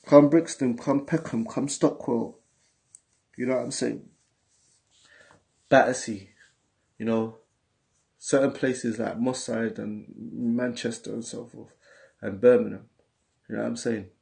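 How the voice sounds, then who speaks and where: A man's voice: mid-range voice, fairly even intonation, unhurried, gravelly, long pauses, a little mellow. A man with a London accent, hosting a casual livestream, talking in street slang and reading out viewer messages. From England. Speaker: livestream host.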